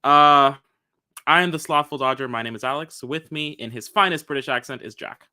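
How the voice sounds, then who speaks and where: A man's voice: medium pitch, fairly quick, bright, forceful tone. A man hosting a casual podcast, weary and rambling, poking fun at his own show. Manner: weary, rambling, self-mocking. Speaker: podcast host.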